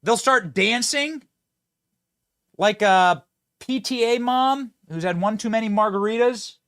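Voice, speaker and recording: Mocking man with a bright voice. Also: sits high, smooth. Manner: mocking, sarcastic, quick. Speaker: host. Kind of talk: political commentary.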